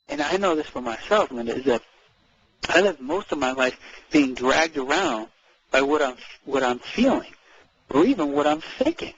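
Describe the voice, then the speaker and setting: A man chatting casually as co-host, animated, repeating words and acting out quoted speech. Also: fairly high pitch, moderate pace, breathy edge, highs cut off. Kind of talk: casual conversational chat.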